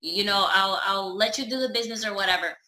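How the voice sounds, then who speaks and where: Bright-voiced chatty woman telling a story. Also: mid-range voice, quick pace, echoey room, low-quality recording. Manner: chatty, acts out her own and others' dialogue. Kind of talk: casual personal storytelling.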